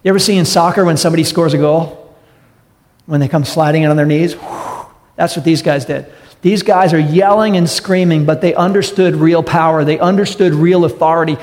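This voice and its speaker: A man's voice: on the high side, fairly even intonation, brisk, a little mellow, big-room sound. A man preaching a sermon as pastor, direct and emphatic, often asking the congregation rhetorical questions. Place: church sanctuary.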